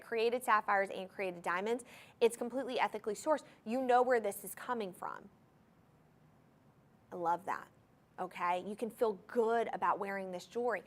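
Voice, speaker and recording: A woman hosting a shopping channel, gushing enthusiastically as she pitches jewelry straight to viewers in a TV studio. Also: fairly bright tone. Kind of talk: live TV jewelry sales pitch.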